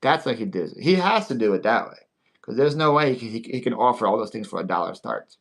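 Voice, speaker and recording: A man hosting a casual livestream sale, playful and quick to laugh, often stammering and repeating words. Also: mid-range voice, sing-song. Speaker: live online seller host.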